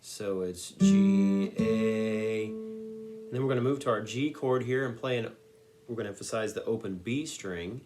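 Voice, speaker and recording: This is a step-by-step guitar lesson from a man with a mid-range voice at normal speed. He walks through the song patiently, one note and finger move at a time, occasionally singing a line.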